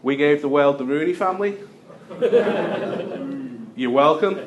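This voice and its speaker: A young man from Liverpool with a Liverpool accent doing a stand-up set, deadpan storytelling with punchlines. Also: on the high side, measured pace, lo-fi sound, heavy background noise. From Liverpool, England. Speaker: stand-up comedian.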